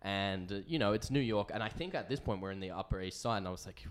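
A man's voice: on the low side, fast. A man telling a story in a casual podcast chat, full of fillers and swearing, acting out the quotes. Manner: laid-back, filler-heavy, swearing, acts out quotes. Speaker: podcast co-host.

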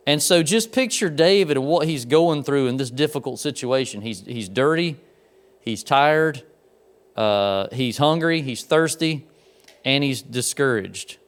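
A man's voice: mid-range voice, lively intonation, measured pace. A man preaching a sermon in a conversational way, talking straight to the congregation and making asides to them. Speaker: pastor.

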